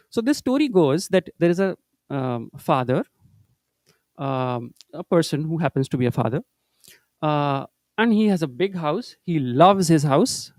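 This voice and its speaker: A man's voice: sits high, darkish tone, no echo. A man teaching meditation, earnest and explaining through stories. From India. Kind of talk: spiritual talk.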